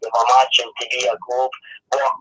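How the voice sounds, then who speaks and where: A man's voice: mid-range voice, level tone, a little fast, sharp tone, slightly rough. Scottish man calling on a tinny phone line. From Scotland. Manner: swearing, rambling, matey. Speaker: caller. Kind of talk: phone-in call.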